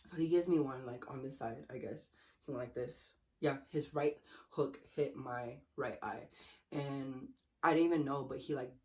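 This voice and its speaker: Profane, animated young woman telling a story. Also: rumbling low, moderate pace. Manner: profane, animated, acts out quotes. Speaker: vlogger. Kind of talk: casual storytelling while eating.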